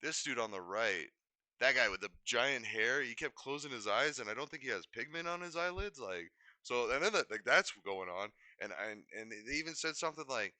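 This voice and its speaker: A young man streaming, rambling in animated casual chat full of fillers and restarts. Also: medium pitch, fairly quick, dry recording.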